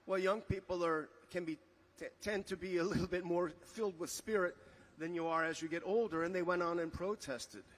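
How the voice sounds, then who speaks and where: Middle-aged man, slightly higher voice, rally speaker outdoors, emphatic delivery with fillers. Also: fairly even intonation, fairly quick. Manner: emphatic, repeats key figures, frequent uh fillers. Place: outdoor rally on a memorial ground.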